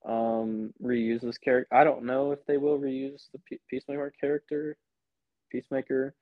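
A man's voice: mid-range voice, flat delivery, normal speed, dry recording, narrow, tinny audio. A young man co-hosting a podcast, chatting casually and rambling as he retells scenes. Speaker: podcast co-host. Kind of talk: casual chat.

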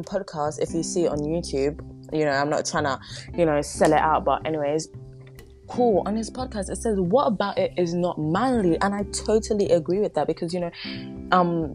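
A young woman hosting a casual podcast from home, rambling, giggling and tripping over her words, with no microphone nearby. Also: on the low side. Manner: giggly, self-deprecating, stumbling over words. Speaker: podcast host. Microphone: no microphone nearby, phone or device. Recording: unedited home recording with faint music. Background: pop music playing softly.

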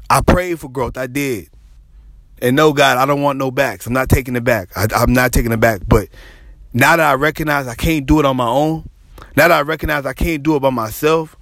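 A man preaching an impassioned sermon, repeating phrases with dramatic pauses and sometimes slipping into a half-sung cry. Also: medium pitch, vocal fry, fairly bright tone, no echo.

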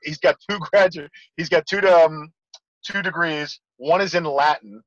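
Bright-voiced man telling rambling stories. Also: a little high, normal speed, dry recording, lo-fi sound. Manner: rambling, laughing storyteller. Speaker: podcast guest. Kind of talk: casual chat.

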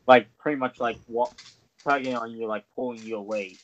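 A man's voice: mid-range voice, steady tone, fairly quick. A man narrating as game master in a tabletop game, in a matter-of-fact way. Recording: dull lo-fi dry mic.

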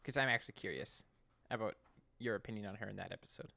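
A man co-hosting a casual podcast, eager and animated, often jumping in with questions. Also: on the low side, fast talker, creaky, no room sound. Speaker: podcast co-host. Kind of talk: casual chat.

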